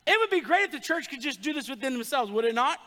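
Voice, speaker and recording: Guy preaching, joking w the crowd, real high bright voice, big echoey church. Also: sing-song. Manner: joking, conversational preaching with quick asides to the crowd. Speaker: pastor. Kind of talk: sermon. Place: church sanctuary. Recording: long hall reverb.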